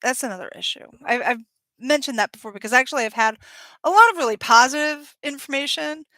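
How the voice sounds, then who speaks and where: A woman's voice: sits high, lively intonation, quick pace, bright, forceful tone, dry recording. A woman hosting her own channel, talking candidly and with feeling, often acting out the voices of people she quotes. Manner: thinks aloud with fillers and restarts. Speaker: channel host. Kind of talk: casual talk to camera.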